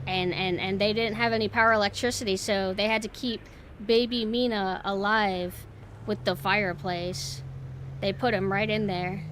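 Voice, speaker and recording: A woman streamer giving casual gameplay commentary, chatting to her viewers and jumping to high squeals when flustered. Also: steady tone, moderate pace, fairly bright tone, slight background noise.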